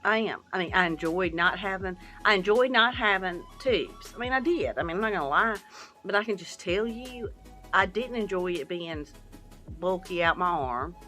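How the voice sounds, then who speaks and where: A middle-aged woman with a drawl talks straight to camera in a casual vlog, venting and cussing without a filter. Her voice is bright and a little low-pitched for a woman, with soft music faintly underneath. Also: expressive, normal speed. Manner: candid, venting, swears freely. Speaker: vlogger.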